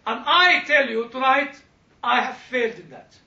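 A man with a very high, bright voice leads a church study group in an informal, animated way. He repeats himself, chuckles and keeps turning to his listeners. He was recorded from a distance in an echoey indoor room, and the sound is somewhat dull. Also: normal speed, vocal fry. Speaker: church discussion leader.

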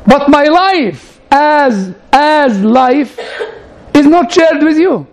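His voice very high-pitched and expressive, the man preaches very slowly in a chatty, conversational way, frequently addressing listeners with "you know" and side questions. Low-quality recording.

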